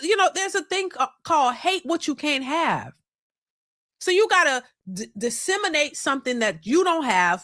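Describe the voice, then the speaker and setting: A woman's voice: high-pitched, fairly bright tone, no echo. Emphatic woman reaction host, dry sound. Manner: emphatic, repetitive, rhetorical questions. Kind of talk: opinionated commentary.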